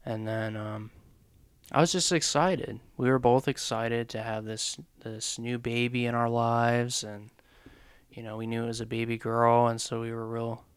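A man telling his own story candidly, hesitant and reflective, often pausing on fillers. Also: mid-range voice, little pitch movement, clean tone, no echo. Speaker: podcast co-host, father sharing his story.

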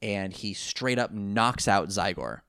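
A man's voice: lowish voice, takes it slowly, gravelly, clear, resonant tone, no echo, clean studio sound. A man casually recapping a cartoon episode, rambling and acting out the characters' lines. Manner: rambling, animated retelling with put-on quotes. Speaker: podcast co-host recapping a cartoon. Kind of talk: casual chat.

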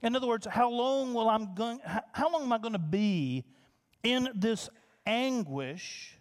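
High-pitched male pastor preaching slow, lots of repeats and stumbles, big reverby church hall. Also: lively intonation. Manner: impassioned, repeats phrases, stammering restarts. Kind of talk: sermon.

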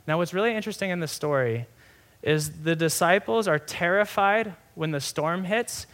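A man's voice: high-pitched, lively intonation, moderate pace, fairly bright tone. A young adult man giving a sermon in a conversational, earnest way, often restarting phrases and saying "like". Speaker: pastor.

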